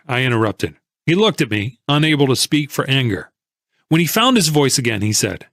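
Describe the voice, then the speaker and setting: A man narrates a novel in the first person with measured, expressive storytelling. His pitch moves in lively swings. The recording is dry and close, with no room sound. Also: no room sound. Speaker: audiobook narrator.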